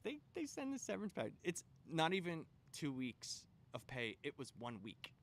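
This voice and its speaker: A man hosting a comic book channel, telling a long story in a casual, animated way and swearing when he gets worked up. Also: a little high, normal speed.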